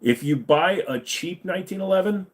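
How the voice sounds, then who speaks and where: A man's voice: high voice, expressive, moderate pace. A man hosting a firearms channel, answering viewer questions in a laid-back, rambling way with casual swearing. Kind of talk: casual livestream Q&A.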